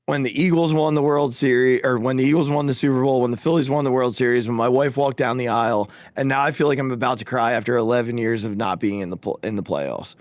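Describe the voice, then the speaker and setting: A man in his thirties hosts a podcast, his mid-pitched voice close and dry. He talks with feeling, stammering and restarting as he goes. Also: quick pace, few pauses, dry recording. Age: 30s. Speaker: podcast host. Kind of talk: casual chat.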